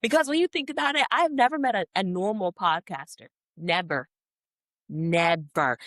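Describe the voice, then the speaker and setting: Her mid-range voice is animated and fairly bright, delivered at a moderate pace with no room sound. The twenty-something host rambles through a casual solo podcast on camera in a studio, mocking herself as she talks into the mic.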